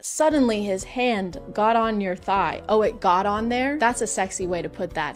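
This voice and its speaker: A woman's voice: mid-range voice, animated, moderate pace, hardly any pauses. A young woman reading posts aloud and answering them with sarcastic, incredulous commentary. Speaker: video creator reacting to posts. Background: background music.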